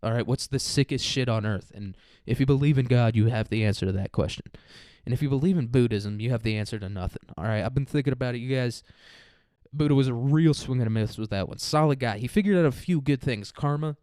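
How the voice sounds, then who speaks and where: A young man rambles through a comic monologue, cursing freely and with no reverence. His voice is smooth and clear, and the recording is dry and close. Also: mid-range voice, fast, warm tone, no room sound. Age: young adult. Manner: profane, rambling, irreverent. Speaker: comedy podcaster.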